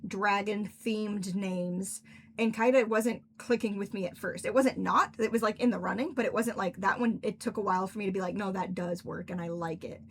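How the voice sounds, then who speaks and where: A woman's voice: medium pitch, moderate pace, slight background noise. A young woman hosting a casual livestream Q&A as an author, rambling and filler-heavy as she answers questions. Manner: chatty, rambling, frequent "like" fillers. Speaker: author and stream host. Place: indoors at home, in cosplay.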